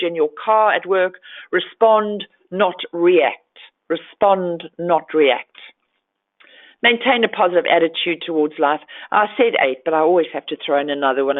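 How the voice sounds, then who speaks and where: Direct woman coaching, tinny audio. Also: on the low side. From Australia. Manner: direct, emphatic, repeats key advice. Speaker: women's empowerment coach. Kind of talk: motivational talk. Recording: tinny phone-like sound.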